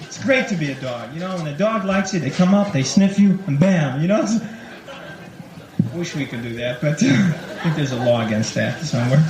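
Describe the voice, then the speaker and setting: A male stand-up comic with a high, bouncing voice that leaps up and down as he acts out bits. The sound comes from a live 1980s club tape, roomy and a little distant, with audience laughter behind him. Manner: animated, acts out quick voices in jokes. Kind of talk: stand-up comedy set. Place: comedy club stage, 1983.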